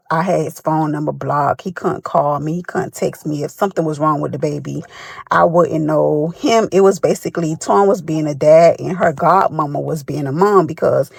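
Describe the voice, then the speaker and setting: A woman with a squeaky voice telling a rambling personal story with many fillers. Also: gravelly, dry recording. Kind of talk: casual storytime.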